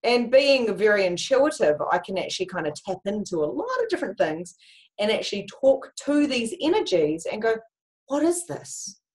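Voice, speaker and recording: A woman life coach chatting on a video call, telling stories in an animated way with lots of fillers and restarts. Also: medium pitch, a little fast, poor audio. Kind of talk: conversational video-call chat.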